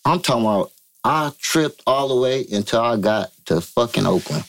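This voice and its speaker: A man from Vallejo, California, telling a story as an interview guest, profane and animated, acting out quotes in a higher voice. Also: normal speed. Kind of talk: casual storytelling.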